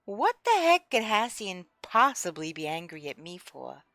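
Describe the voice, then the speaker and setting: A young woman streaming a game, chatting casually with her viewers in an expressive, excitable way on a close desk mic. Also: fairly low pitch, normal speed, dry recording. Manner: expressive, chatty, gets excited and laughs a lot. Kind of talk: casual live-stream chat.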